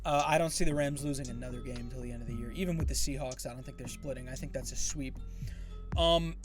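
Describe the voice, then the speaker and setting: A man's voice: mid-range voice, fast talker, over music. A man co-hosting a sports podcast, making laid-back, confident predictions. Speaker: podcast co-host. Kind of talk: casual sports chat.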